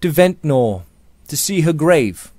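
A man's voice: a little high, very animated, slow pace, a little mellow, no echo, voice pushed up, exaggerated voice. A man reading aloud, voicing a young former dragoon who is shaken and grief-stricken, speaking hesitantly at first, then crying out in anguish. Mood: determined. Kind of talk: audiobook character reading.

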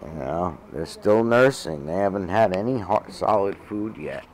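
A man talking to his cat on camera in a casual home video, switching between high baby talk to the cat and lower plain explanation. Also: lively intonation, a little slow, darkish tone, a little hiss or hum. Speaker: cat owner vlogger.

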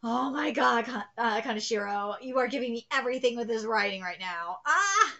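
A woman's voice: on the high side, expressive, moderate pace, gravelly, pushed and bright, highs cut off. A woman hosting a live manga reaction, gushing and exclamatory and swearing freely as she comments.

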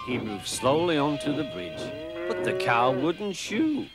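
Casual: british guy reading a kids story, slow and bouncy, music under it. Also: on the high side. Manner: measured, expressive storytelling. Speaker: narrator. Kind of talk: scripted storybook narration.

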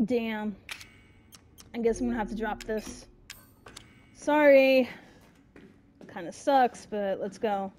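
A woman's voice: a little high, slow, pauses often, darkish tone. A woman giving casual horror game commentary, grumbling to her viewers and swearing often, with sudden screaming outbursts. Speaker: let's-play gamer.

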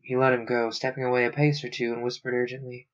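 A man narrating a science fiction novel aloud on a stream, steady with small stumbles. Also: mid-range voice, fast. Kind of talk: audiobook-style reading. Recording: dull lo-fi sound.

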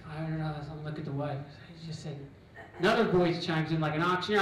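High-voiced stand-up comic in echoey club. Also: male voice, fast, recorded from a distance, very noisy. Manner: loud, bantering, acts out characters. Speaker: stand-up comedian. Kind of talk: stand-up comedy set. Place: comedy club stage. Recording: echoey club recording from afar. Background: audience laughter.

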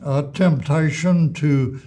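Reading passages aloud to an adult Bible class, a man explains the scripture at a measured pace, with pauses and restarts along the way. His pitch is on the high side, and his tone is dark and steady.

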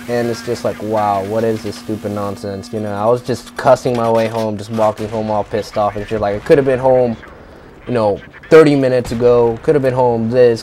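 A teenage guy tells a vlog story as a heated rant, cursing freely and rambling through fillers and restarts. His voice sits at an ordinary male pitch. A faint hum of background noise sits under the recording. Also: warm tone. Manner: profane, rambling, lots of fillers. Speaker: vlogger.

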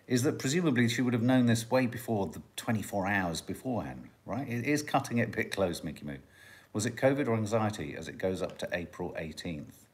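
A man hosting a casual family livestream, chatting and joking as he reads out viewer comments. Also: medium pitch. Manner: chatty, jokey, musing aloud. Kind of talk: casual live chat, reading out viewer comments.

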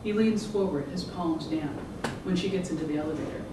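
An author giving a measured, rhythmic public reading of their own fiction. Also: medium pitch. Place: event room. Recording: echoey room, distant mic, background noise.

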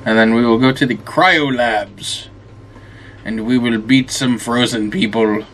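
A man with a medium-pitched, fairly bright voice and a steady tone speaks at a measured pace over a little hiss or hum. He's doing casual let's-play commentary, rambling, swearing often, and talking to the game while tired and yawning.

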